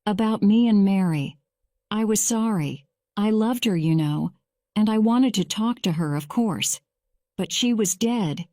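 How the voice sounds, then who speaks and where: A defensive young man under questioning in a courtroom storybook, read by a woman. The voice is slow and mellow, with a dry, close sound. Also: mid-range voice, no room sound, natural voice. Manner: measured, slow graded-reader delivery.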